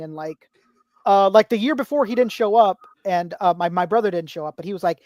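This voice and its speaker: A man's voice: brisk, dry recording. A young man on a podcast telling funny stories in casual chat, acting out the people he quotes. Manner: animated storyteller, acts out quotes with rising pitch. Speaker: podcast guest.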